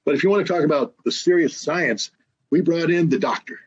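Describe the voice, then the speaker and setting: A man's voice: fairly high pitch, a little fast, husky, lo-fi sound. A man telling stories in casual conversation, emphatic, with frequent restarts. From United States. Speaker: guest, former weapons inspector.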